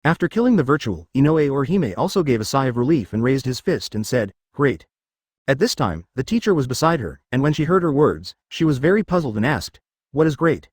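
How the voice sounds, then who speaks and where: A man reading a web novel aloud as an audiobook narrator, every line in the same steady narrating voice. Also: medium pitch, quick pace, few pauses, slightly rough, no room sound, studio quality.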